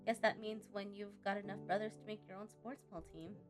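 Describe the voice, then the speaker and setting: A woman's voice: medium pitch, steady tone, a little fast, soft background music, lightly acted. A woman voicing a cheerful colonist father in a space-colony game, reading his lines lightly, close to her own voice. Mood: wistful cheer.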